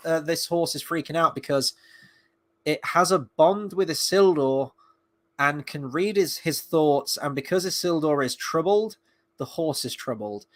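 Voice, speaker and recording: A man's voice: on the high side, fairly bright tone. A man talks through his review of a television episode in a loose, unscripted way. His voice sits slightly above the usual male range. He wanders between points, stops and restarts often, and lets a sarcastic streak show. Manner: rambling and sarcastic, with frequent fillers and restarts. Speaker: film and TV reviewer. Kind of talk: casual spoken review.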